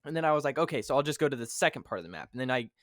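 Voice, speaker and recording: A man's voice: mid-range voice, animated, racing, a bit bright, no echo. Chatty man, dry close sound. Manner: rambling, acts out his own reactions in quotes. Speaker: podcast host. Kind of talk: casual chat.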